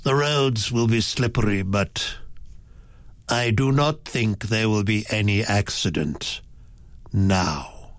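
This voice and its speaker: A man voicing a calm, mysterious stranger who speaks quietly and measured. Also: fairly low pitch, dry recording.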